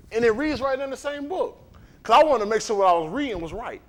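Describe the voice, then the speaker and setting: Guy preaching on a livestream, high voice that jumps all over, keeps asking the room questions. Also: normal speed. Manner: animated, conversational, quizzes the congregation. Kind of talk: livestreamed sermon.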